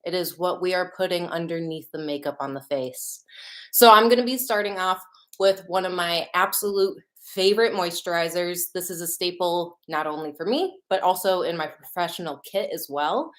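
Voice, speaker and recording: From her home studio in Los Angeles, a young woman with a Chicago accent, a makeup artist, hosts a livestream at normal speed in a lowish voice. She chats in a bubbly, casual manner and greets viewers by place.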